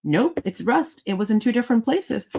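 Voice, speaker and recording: A woman's voice: a little high, sing-song, normal speed, vocal fry, dark tone, a little hiss or hum, poor audio. A woman hosting a live online sale, talking in a bubbly, chatty way and thinking aloud as she goes. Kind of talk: casual live-sale chat.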